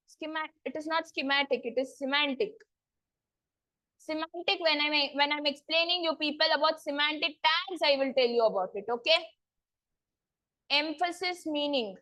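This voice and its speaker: A woman's voice: high voice, sharp tone, poor audio. Woman as a patient lecturer, drawls each point twice, quizzing students. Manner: repeats phrases, quizzes students often. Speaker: teacher. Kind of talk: online class lecture.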